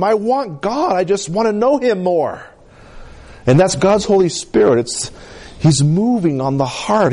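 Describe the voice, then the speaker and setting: Lively-voiced preacher with a Colorado valley accent. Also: male voice. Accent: San Luis Valley, Colorado. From San Luis Valley, Colorado. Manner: preaching with frequent "Amen?" calls to the congregation; swinging between emphatic highs and soft low asides. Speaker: pastor. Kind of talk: sermon.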